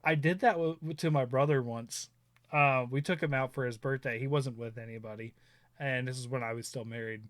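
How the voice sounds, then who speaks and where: A man's voice: medium pitch, fairly even intonation, a little fast, no room sound, clean studio sound. A man in his thirties, chatting casually and telling rambling stories, often laughing and acting out quotes. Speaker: stream host. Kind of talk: casual chat.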